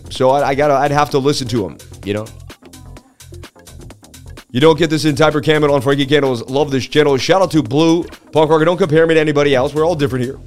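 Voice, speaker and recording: A man hosting a live crypto chart stream, firing off excited shout-outs to his viewers and joking as he reads the chat. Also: mid-range voice. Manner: hyped, rapid shout-outs, jokey. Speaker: crypto livestream host.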